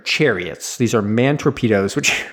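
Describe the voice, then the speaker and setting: A young adult man hosting a podcast, casually recapping a film in a rambling, animated way with bits of quoted dialogue. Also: fairly low pitch, measured pace, husky. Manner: rambling, animated storyteller with laughs and quoted voices. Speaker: podcast host.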